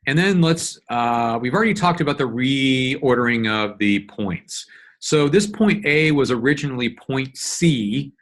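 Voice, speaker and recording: A man teaching law in a recorded lecture, walking through a document in a measured, explanatory way with frequent fillers and restarts. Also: medium pitch, expressive. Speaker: law instructor. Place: solo screen-recorded lecture.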